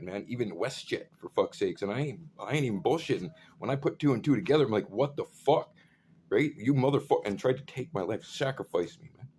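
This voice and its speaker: Man, lowish voice, profane rambling rant, faint background hiss. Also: a little mellow. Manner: profane, rambling, full of fillers.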